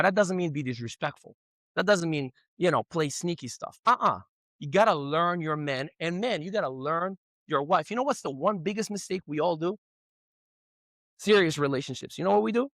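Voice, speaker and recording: A man's voice: sits high, no echo. A middle-aged man giving a motivational relationship talk to a live audience, telling stories and acting out the quotes. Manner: animated storyteller, acts out quotes. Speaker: relationship speaker.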